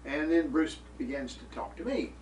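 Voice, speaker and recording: A man's voice: on the high side, very animated, normal speed, a little mellow. A middle-aged man telling a family story in a homespun way, often repeating "I said" and "he says.". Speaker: father giving a tribute. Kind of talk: storytelling testimony. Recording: roomy room picked up from a distance with noise.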